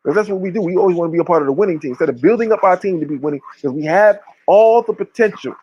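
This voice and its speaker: A man's voice: high voice, rapid-fire, a little mellow, breathy edge, no echo, lo-fi sound. A man talking casually but with fiery emphasis, preaching and swearing freely. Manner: emphatic, preachy, profane, uses slang. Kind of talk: impassioned casual talk.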